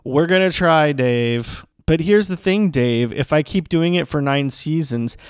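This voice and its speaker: A man's voice: fairly high pitch, measured pace, smooth, dry recording, studio quality. A man hosting a podcast, wrapping up the episode in a chatty, playful way and reading out a listener review. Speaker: podcast host. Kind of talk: casual podcast sign-off.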